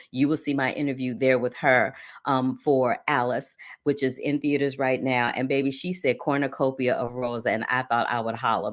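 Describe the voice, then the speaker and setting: A woman film critic hosting her podcast in a casual, chatty way, with sassy slangy asides. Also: a bass voice.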